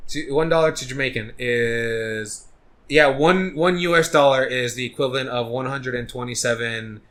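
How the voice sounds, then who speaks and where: A man's voice: medium pitch, moderate pace, fairly bright tone. A man telling a story in casual podcast chat, rambling with many fillers and restarts. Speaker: podcast co-host.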